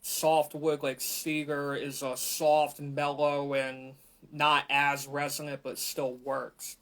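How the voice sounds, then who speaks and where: A flute player talks a live audience through his instruments, speaking slowly and unhurriedly with frequent fillers. His voice sits a little high and fairly bright, staying level with little pitch movement. A camera mic picks him up in a community library room.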